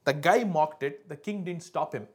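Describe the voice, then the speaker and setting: A man, preaching a sermon to a congregation, swinging between loud emphatic peaks and quiet drops and often asking his listeners to respond. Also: on the high side, moderate pace. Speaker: pastor.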